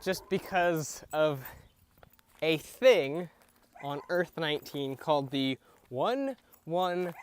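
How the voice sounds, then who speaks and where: Young male podcast host, slightly high voice, slow, hesitant, opinionated casual recap. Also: animated, a little hiss or hum. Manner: halting, many fillers and restarts, opinionated. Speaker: podcast host reviewing TV episodes.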